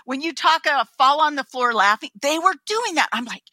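A woman guest on a podcast telling an anecdote in an animated way, laughing often and acting out voices. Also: high voice, brisk, hardly any pauses, no room sound. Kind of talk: anecdotal storytelling.

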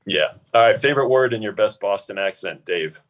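A man hosting a casual chat, measured, with dry humor. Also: on the low side, lively intonation, background noise. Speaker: host.

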